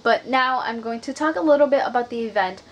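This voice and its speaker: A woman's voice: fairly high pitch, quick pace, slight background noise, low-quality recording. A young woman book vlogger, chatty and upbeat, filming herself on a phone. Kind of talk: casual vlog. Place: home.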